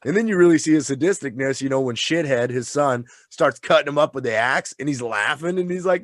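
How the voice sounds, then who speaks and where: Excitable, swearing guy in tipsy chat. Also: mid-range voice, brisk, hardly any pauses, no echo, studio quality. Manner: excited, profane, rambling. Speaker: podcast co-host. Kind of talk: casual chat.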